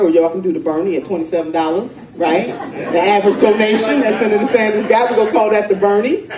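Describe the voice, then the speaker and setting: A woman's voice: on the low side, warm tone. A woman state senator giving a fiery, emphatic political speech to a live audience at a conference. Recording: echoey room, distant mic, crowd noise.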